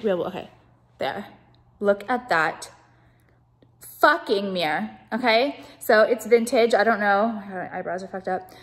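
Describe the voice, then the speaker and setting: A young woman vlogging casually at home on a phone camera, swearing often and talking in quick, restarting bursts full of "like". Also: medium pitch. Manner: chatty, profane, full of "like" and restarts. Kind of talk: casual vlog chat. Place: at home, walking through rooms.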